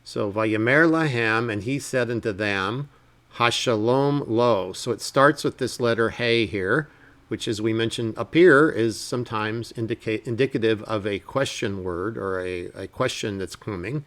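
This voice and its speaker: A man teaching a casual Bible Hebrew lesson, reading verses slowly and then explaining them in relaxed asides. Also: on the low side.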